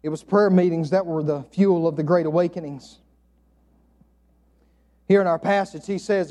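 A man preaching a sermon from the pulpit, quoting old scripture and swinging from loud emphatic lines to soft, hushed ones. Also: a little high, steady tone, normal speed, long pauses. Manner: quotes King James scripture. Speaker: pastor.

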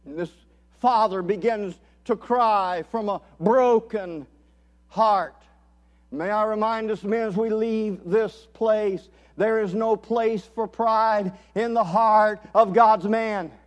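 A man with a high, light voice preaches an impassioned sermon to a gathering of men. He drops to a hushed, intimate tone, then climbs into loud, pleading calls to his listeners. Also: steady tone, slow. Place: conference hall.

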